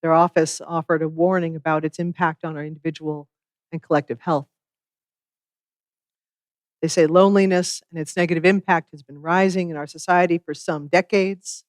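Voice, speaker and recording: A minister giving a sermon in a measured, reflective way, with wry asides. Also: mid-range voice, steady tone, dry recording, studio quality.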